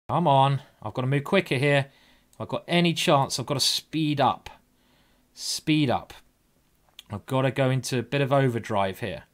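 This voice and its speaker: A man's voice: mid-range voice, a bit bright. Chatty man thinking aloud. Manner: thinks aloud, chatty and self-mocking, talks to viewers. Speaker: chess streamer. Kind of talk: live-stream commentary while playing blitz chess.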